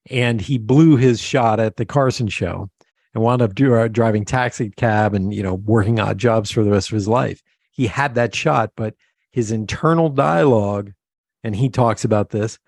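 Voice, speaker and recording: Animated male host telling a story, dry sound. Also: on the low side, no room sound. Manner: animated storyteller who acts out quotes. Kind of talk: interview conversation, storytelling.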